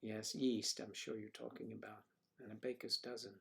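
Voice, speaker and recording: A man's voice: fairly low pitch, little pitch movement, moderate pace, gravelly. Chatty joking male livestream host. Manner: joking, chatty, reads out viewer comments. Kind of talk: casual livestream chat.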